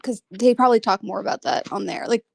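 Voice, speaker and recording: A woman's voice: mid-range voice, fast, vocal fry, breathy edge, no echo, clean studio sound. A woman co-hosting a reaction stream, bantering playfully and teasing. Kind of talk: casual banter.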